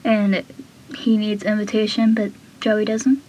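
A woman's voice: medium pitch, monotone, measured pace, a little mellow, muffled recording, a little hiss or hum. A woman hosting a casual episode recap, chatty and full of fillers, slipping into whispery asides and laughing between lines. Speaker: show recap host.

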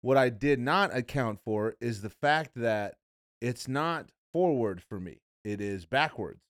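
A man's voice: mid-range voice, lively intonation, a little slow, dry recording, clean studio sound. A young man hosting a podcast in casual chat, rambling and profane, calling people "bro" and "dude.". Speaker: podcast host.

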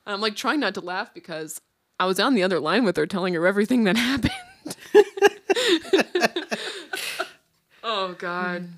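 A woman's voice: medium pitch, quick pace, a bit bright. A woman co-hosting a casual chat show, telling candid, self-mocking stories and laughing often. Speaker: podcast co-host.

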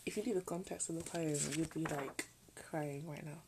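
A woman's voice: low voice, fairly even intonation, normal speed, noisy background. A teenage girl chatting casually late at night in her bedroom, rambling and often dropping into half-whispers. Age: late teens. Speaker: vlogger.

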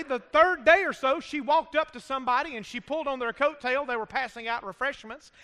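A man's voice: extremely high pitch, bright, forceful tone, clear, resonant tone. A man preaching a sermon with emphatic delivery and frequent calls of "amen" to the congregation. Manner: emphatic preaching with frequent call-and-response amens. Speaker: pastor. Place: church sanctuary. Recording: reverberant hall.

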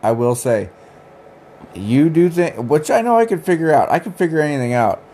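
A man's voice: a little high, big pitch swings, moderate pace, mellow, slight background noise. A young adult man co-hosting a casual podcast, joking, teasing and swearing casually. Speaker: podcast co-host. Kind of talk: casual chat.

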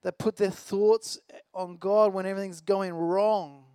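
A man's voice: high-pitched, steady tone, unhurried, dark tone, clear, resonant tone, no room sound. A man preaching a sermon in a conversational, storytelling way, with a self-deprecating personal anecdote.

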